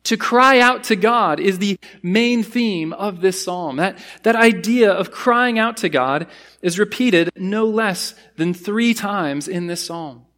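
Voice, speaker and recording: A man with a high-pitched voice delivers a sermon. He preaches earnestly and with emphasis, drawing out key phrases, and switches into a patient teaching tone when he explains the Hebrew words of a psalm. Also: takes it slowly, fairly bright tone. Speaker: pastor.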